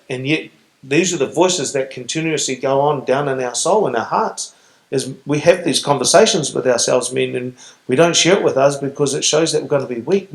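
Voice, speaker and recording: A man with a New Zealand accent, telling a personal story to an audience in an earnest, halting way with pauses. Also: mid-range voice, vocal fry. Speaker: guest speaker. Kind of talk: reflective public storytelling Q&A. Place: stage in a hall. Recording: roomy hall sound.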